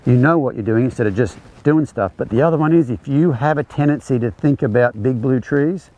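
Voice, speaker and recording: A man's voice: medium pitch, a little fast, mellow, rough recording. A man teaching a horsemanship clinic, explaining conversationally as he demonstrates groundwork with a horse. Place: outdoor ranch arena.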